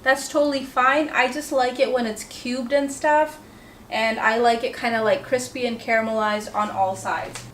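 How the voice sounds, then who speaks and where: A woman's voice: sits high, a bit bright, slight background noise. A young woman with an Indian accent, chatting casually to the camera while cooking in her home kitchen, self-deprecating and talkative. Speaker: home cook vlogger.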